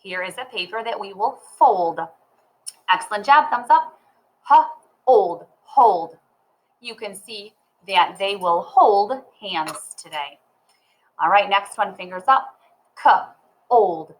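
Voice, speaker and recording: A woman teaching a children's phonics lesson, cheerful and slow, talking straight to the child. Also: mid-range voice, a bit bright, low-quality recording. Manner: cheerful, slow and sing-song, talks to the child. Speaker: reading teacher.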